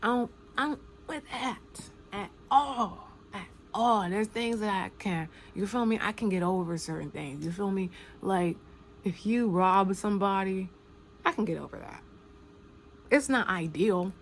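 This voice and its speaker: A woman giving casual spoken commentary, talking emphatically with slang, repeating phrases for stress and sometimes dropping to a hushed near-whisper. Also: mid-range voice, a little slow, a little hiss or hum.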